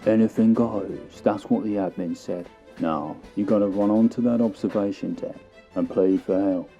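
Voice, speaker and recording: A bullying, menacing male rival, put on by a male narrator issues hard orders in a low, pressing voice. Faint music sits in the background. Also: normal speed, mellow, dull audio, close to an everyday voice. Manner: threatening, commanding.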